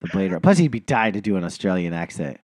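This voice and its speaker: A man's voice: low voice, fast talker, dry recording, clean studio sound. A man co-hosting a podcast in casual chat, joking and trailing off mid-thought. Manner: joking, animated, trailing off and restarting. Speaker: podcast co-host.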